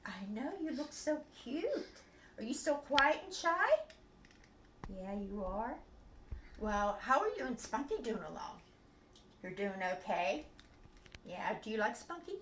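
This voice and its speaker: An older woman who hosts a children's bedtime story show, chatting in an animated, sing-song way with puppets. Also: mid-range voice, noisy background. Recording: echoey room.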